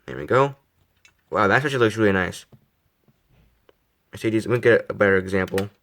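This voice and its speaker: A teenage boy with a slightly low voice talks his way through a model car review. He rambles, restarts his sentences and jokes at his own expense in a casual vlog manner. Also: brisk, fairly bright tone. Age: teens. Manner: rambling, self-deprecating, many fillers and restarts.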